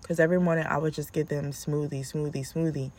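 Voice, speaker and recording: A woman, a mother of two, telling stories about her children in a casual vlog, animated and acting out her own yelling, with a lilt. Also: deep voice, fast.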